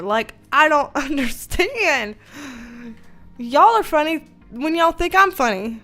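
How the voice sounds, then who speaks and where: Speaking slowly in a high voice, a woman livestreams casually from home, reading viewer comments and laughing frequently with playful animation, soft background music underneath.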